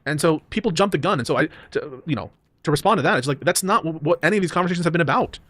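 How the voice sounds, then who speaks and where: A man's voice: on the high side, expressive, rapid-fire, fairly bright tone, no room sound. A man in a debate discussion, speaking in a defensive, insistent way.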